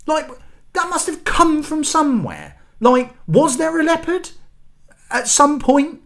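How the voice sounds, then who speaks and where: A man's voice: very high voice, huge pitch swings, slow pace, a bit bright. Bloke ranting on his channel, swears a lot, voice jumps all over. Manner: exasperated, sweary, rambling. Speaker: channel host. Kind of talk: ranting vlog monologue.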